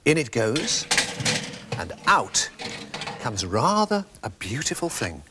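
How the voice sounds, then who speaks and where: A man's voice: mid-range voice, huge pitch swings, takes it slowly, very noisy. A man from England presenting a children's TV show, demonstrating a craft in a playful, theatrical way.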